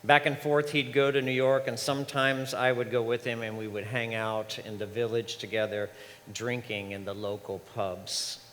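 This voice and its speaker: Guy minister preaching a story sermon, mid-pitch, big hall reverb, faint room hum. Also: flat delivery, normal speed, a bit bright. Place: large church sanctuary.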